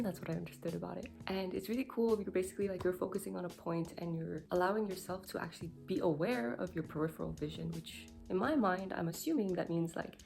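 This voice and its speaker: Young woman, video diary, rambling, lots of fillers, vocal fry, low mellow voice. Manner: rambling, heavy use of "like", emotional and candid. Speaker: life coach trainee.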